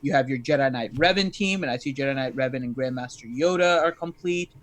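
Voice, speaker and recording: A man's voice: medium pitch, quick pace, fairly bright tone. A man co-hosting a casual gaming livestream, jokey at times and methodical when going through a player's roster. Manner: jokey, then methodical and explanatory. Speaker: livestream co-host reviewing rosters.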